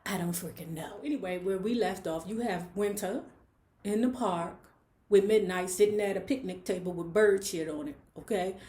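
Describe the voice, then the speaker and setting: A woman's voice: mid-range voice, normal speed, warm tone. A woman hosting a casual book club read-along, talking frankly and checking in with her listeners. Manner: chatty, frank, frequent "okay?". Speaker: book club host reading a novel. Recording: roomy echo.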